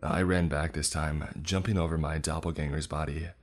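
A man reading a scripted horror story in a tense, measured way. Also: very deep voice, flat delivery. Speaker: narrator. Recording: faint music underneath.

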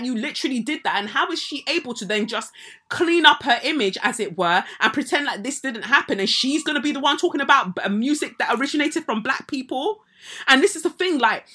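A woman hosting a podcast, giving opinionated, sarcastic commentary on celebrities in an animated rant. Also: fairly high pitch. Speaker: podcast host.

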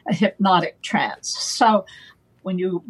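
A woman guest explaining playful wordplay in a relaxed conversational way, slow and deliberate, laughing now and then. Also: fairly low pitch, slightly rough, poor audio. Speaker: guest on a talk show.

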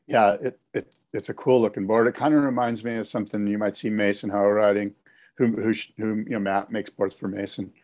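A man's voice: on the low side, steady tone, fairly quick, darkish tone. A man co-hosting a casual podcast, talking enthusiastically in a loose, rambling way. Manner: enthusiastic, rambling, with frequent restarts and "you know". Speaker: podcast co-host.

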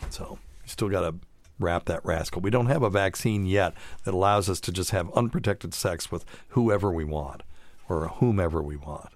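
A man's voice: low-pitched, normal speed, no echo. A man hosting a casual live-stream podcast, chatting loosely and joking with chuckles. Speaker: podcast host.

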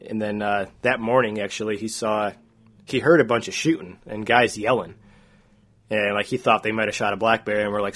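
Rambling man telling a hunting story. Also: fairly low pitch. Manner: rambling, animated, frequent "like" and "uh". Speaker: podcast co-host. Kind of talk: casual storytelling.

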